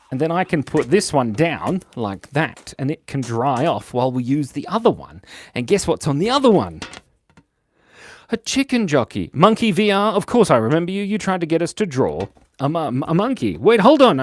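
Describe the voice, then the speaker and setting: Playful Australian man, lively voice. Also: medium pitch. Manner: playful, jokey, reads viewer comments aloud. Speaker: host of a live drawing stream for kids. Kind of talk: casual livestream chat.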